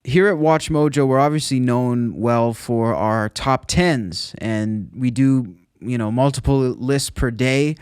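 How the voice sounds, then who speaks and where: A man's voice: mid-range voice, takes it slowly, few pauses, a little mellow, smooth, no room sound, studio quality. A man hosting a music podcast, asking easygoing questions with light laughs. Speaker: podcast host. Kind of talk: interview questions.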